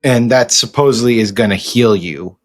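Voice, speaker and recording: A man's voice: medium pitch, normal speed, noisy background. A man podcast host chatting casually, then reading a sponsor ad with wry asides. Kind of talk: casual chat and read ad.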